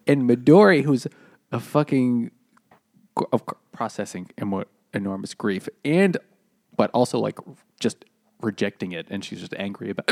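A man co-hosting a casual book-club podcast, retelling the plot with lively acted quotes. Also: medium pitch, normal speed, no room sound, clean studio sound. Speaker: podcast co-host.

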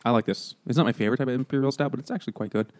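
A man talks fast and loose in a casual podcast chat. His voice is dark and mellow. He keeps tossing in puns and jokey asides. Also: mid-range voice, fairly even intonation. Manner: joking, quick asides and puns. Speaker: podcast co-host.

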